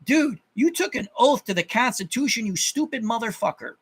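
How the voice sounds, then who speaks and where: A man's voice: very high voice, lively intonation, moderate pace, slightly rough. A man ranting to his viewers in an angry, profane monologue, often repeating himself and restarting his sentences. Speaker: channel host.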